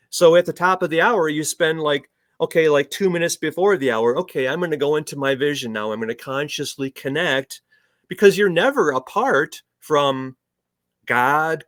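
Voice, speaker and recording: A man's voice: on the high side, dry recording, clean studio sound. A man talking as a spiritual coach in an interview, earnest and reflective, often restarting his sentences. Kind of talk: conversational podcast interview.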